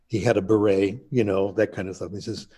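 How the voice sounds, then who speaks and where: Older man, husky mellow storyteller. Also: fairly low pitch, fairly even intonation, quick pace. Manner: chatty anecdotal storyteller, laughs at himself. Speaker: interview guest, linguist. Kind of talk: casual storytelling.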